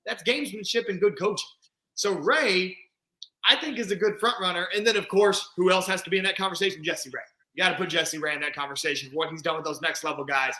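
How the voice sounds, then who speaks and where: A man hosting a podcast speaks emphatically in casual chat, often tossing in a rhetorical "right?". His voice is high and bright. The sound is roomy and echoey. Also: quick pace. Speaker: podcast host. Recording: echoey room.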